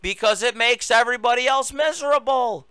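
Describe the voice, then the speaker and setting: A man's voice: very high-pitched, brisk, bright, forceful tone, clean tone, dry recording. A man hosting a political talk show, giving combative, sarcastic commentary and mocking his opponents.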